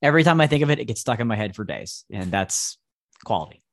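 A man co-hosting a music podcast, enthusiastically pitching songs and bands. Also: sing-song, fast talker, no room sound. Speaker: podcast co-host. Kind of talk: casual music chat.

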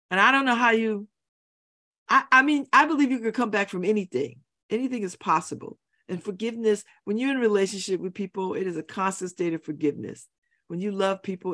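A woman's voice: medium pitch, fairly quick, bright, forceful tone. Middle-aged woman on talk radio, preachy, repeats herself for emphasis, ranting about love and respect. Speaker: radio show host. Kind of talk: opinionated talk radio monologue. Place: radio studio.

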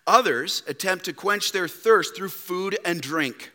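A man preaching a sermon as pastor, emphatic, dropping to quiet rhetorical questions. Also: high voice, a little slow. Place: church. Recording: long reverb in a church hall.

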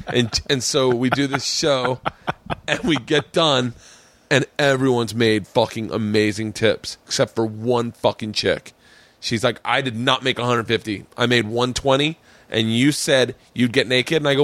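Lots of cursing and acted-out dialogue fill this long story from a male podcast host. His voice is mid-range at a moderate pace, the recording is dry, and the tone is casual and animated.

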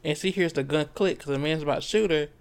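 This man's voice is a little high, clear, and resonant, and he talks fast while co-hosting a book club podcast. He recaps a novel in loose, profane banter, acts out the characters' lines, and laughs easily.

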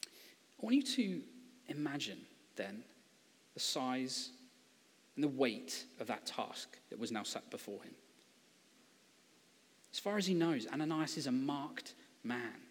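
A man's voice: mid-range voice, very animated, slow, long pauses, breathy edge. Man preaching with humor in a big hall. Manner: conversational, humorous storytelling, acts out quotes. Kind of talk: sermon.

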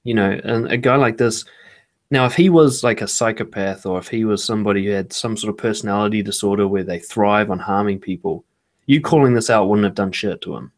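A man talking in a relaxed podcast conversation as a guest author, acting out other people's thoughts and swearing casually. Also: fairly low pitch, brisk. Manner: animated, acts out quoted thoughts, swears casually.

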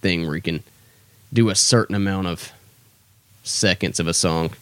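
A man's voice: low-pitched, moderate pace, fairly bright tone, no room sound, soft background music. A young man hosting his own podcast, rambling in a casual, self-deprecating way with lots of fillers. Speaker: podcast host. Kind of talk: casual solo podcast chat.

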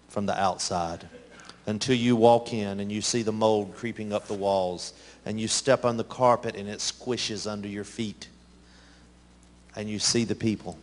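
Low-voiced man giving church announcements. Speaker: guest speaker giving relief update. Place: church sanctuary.

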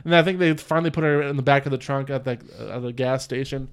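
A man's voice: mid-range voice, fast talker, smooth. A man casually recapping a film on a podcast, rambling with many fillers and restarts, and acting out lines from the story. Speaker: podcast host. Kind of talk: casual movie recap chat.

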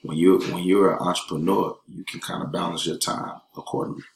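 A man's voice: sits low, steady tone, a little fast, vocal fry. A man, an elementary school teacher, talking casually as a guest, emphatic and streetwise, speaking in run-on bursts. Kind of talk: casual chat. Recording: roomy echo.

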